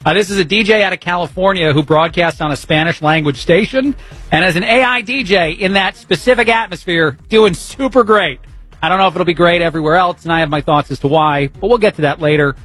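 A man's voice: sits high, a little fast, fairly bright tone. A man filling in as a radio talk host, rambling casually and poking fun at himself. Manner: chatty, rambling, self-mocking, laughs at his own jokes. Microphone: studio broadcast microphone.

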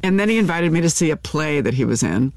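An older actress speaking candidly in an interview, with halting restarts and fillers. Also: female voice, low-pitched, lively intonation, dry recording. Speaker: actor, interview guest.

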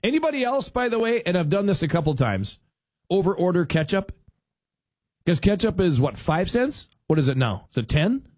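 A man's voice: high voice, very animated, moderate pace, a little mellow, dry recording. Rambling, sarcastic man hosting talk radio. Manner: rambling, sarcastic, with self-corrections. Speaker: radio show host.

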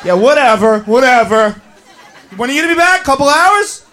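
A woman's voice: very high-pitched, fast, bright, forceful tone. A woman playing a controlling young boyfriend who sneers and swears. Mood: sneering.

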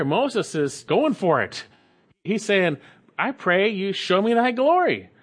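A man's voice: high-pitched, big pitch swings, slow pace, slightly rough. A man preaching a sermon, reading scripture aloud and repeating key phrases for emphasis.

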